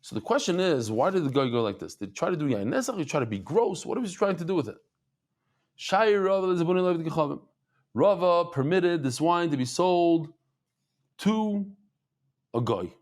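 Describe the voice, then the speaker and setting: A man teaching a Talmud class, telling stories with animated asides and acted-out voices. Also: fairly high pitch, normal speed. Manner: animated storytelling, acts out voices, laughs.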